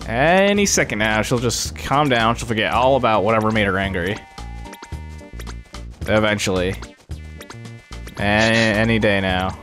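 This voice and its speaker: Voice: mid-range voice, moderate pace, pauses often, fairly bright tone, soft background music. A host giving casual, jokey commentary while playing a video game. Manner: chatty, jokey, with many fillers. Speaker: let's play host.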